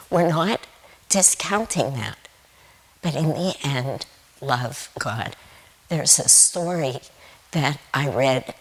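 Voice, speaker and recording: Soft slow-speaking woman giving a sermon. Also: a bass voice, husky, poor audio. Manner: slow, tender delivery, drawn-out quotes from scripture. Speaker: guest speaker at Sunday service.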